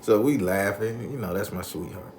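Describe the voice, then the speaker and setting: A man telling a profane personal story in a loose, animated, conversational way. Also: lowish voice, moderate pace, slight background noise. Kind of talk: crude casual storytelling.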